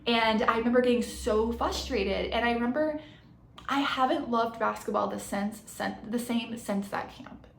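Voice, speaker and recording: A woman's voice: fairly high pitch, moderate pace, vocal fry, echoey room. A woman coach in her thirties telling a personal story on her podcast, earnest and reflective, often restarting and correcting herself mid-sentence.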